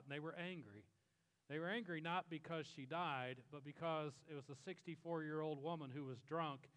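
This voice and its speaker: A middle-aged male pastor preaching with an earnest, storytelling manner, slowing down for emphasis. His voice is fairly high and smooth. It carries the long reverb of a large hall. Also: a bit bright. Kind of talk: sermon.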